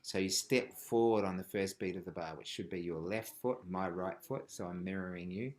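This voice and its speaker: A man with a fairly low voice leads a rhythm workshop over a video call. He talks in a playful way, chanting rhythmic words and swinging from loud calls to near whispers. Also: normal speed. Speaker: music teacher. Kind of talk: live online rhythm workshop.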